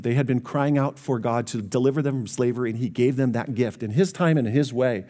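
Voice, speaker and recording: A man's voice: mid-range voice, fairly quick, hardly any pauses, dark tone. A man preaching a sermon as pastor, earnest and speaking directly to his congregation.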